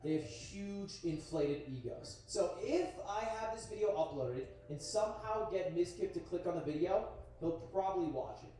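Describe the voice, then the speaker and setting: A young man in his twenties narrating his own vlog in a brisk, chatty, self-assured way. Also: high voice, animated, warm tone, slight background noise. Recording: echoey, distant playback on a stream.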